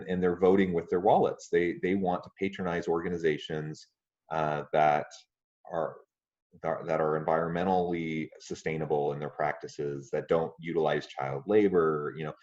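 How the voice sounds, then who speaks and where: A man hosting a podcast interview, speaking in a polite, measured way with frequent ums. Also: low-pitched, level tone, darkish tone. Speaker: podcast host. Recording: muffled lo-fi audio.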